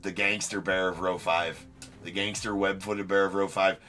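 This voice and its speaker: A man with a very deep, bright and forceful voice hosts a live card-breaking stream. He jokes and teases a viewer through loose, chatty commentary, with faint music in the background. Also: level tone, normal speed. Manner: joking, teasing banter aimed at a viewer.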